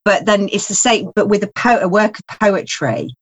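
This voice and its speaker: Female guest writer, mid-pitched, reflective and conversational, thinks aloud. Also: lively intonation, moderate pace. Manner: reflective, thinks aloud, frequent "you know". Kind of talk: casual discussion.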